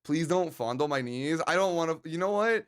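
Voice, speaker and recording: Joking streamer man with a higher voice. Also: expressive, moderate pace, a bit bright, clean tone. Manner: playful, joking, laughs often. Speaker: livestreamer chatting with viewers. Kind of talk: casual live-stream chat.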